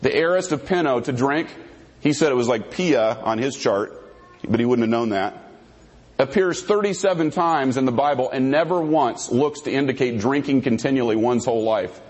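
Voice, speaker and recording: A man's voice: mid-range voice, moderate pace, darkish tone. A man giving a combative theological debate presentation, reading verses aloud and picking apart their grammar. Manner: combative, quotes and parses scripture.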